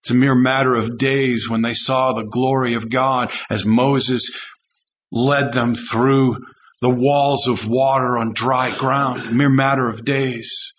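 A man's voice: medium pitch, level tone, slow pace, lo-fi sound. A male pastor preaching a sermon with an emphatic, repetitive cadence.

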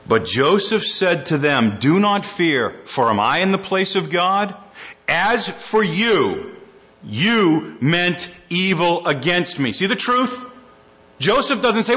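Here a male pastor speaks slowly in a high voice, reading from scripture and dramatically performing quoted lines. His preaching grows animated and nearly shouted, captured in muffled lo-fi sound.

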